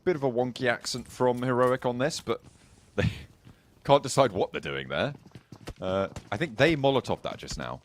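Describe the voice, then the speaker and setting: A man doing live play-by-play for an esports match, calling the action in rapid bursts and laughing easily with his co-caster. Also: medium pitch, lively intonation, slight background noise.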